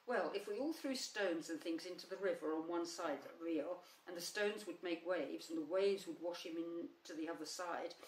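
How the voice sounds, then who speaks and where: A woman voicing a simple, kindly teddy bear who talks in a gentle, earnest way. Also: fairly low pitch, moderate pace, hardly any pauses, close to an everyday voice. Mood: hesitant. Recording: roomy, slightly distant, faint hum.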